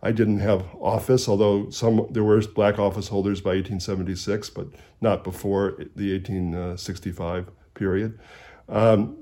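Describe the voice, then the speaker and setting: A man, an author, speaking in a measured, emphatic way in a conversational interview, with some restarts. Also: sits low, little pitch movement, mellow, soft background music. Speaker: author and historian guest.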